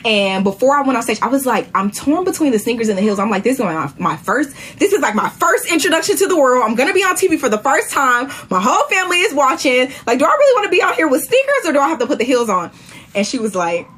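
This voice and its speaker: A young woman chatting casually on a live stream, telling a lively story and acting out what people said. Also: fast talker, breathy edge. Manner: animated storytelling, acts out quotes in high voice. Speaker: reality show contestant.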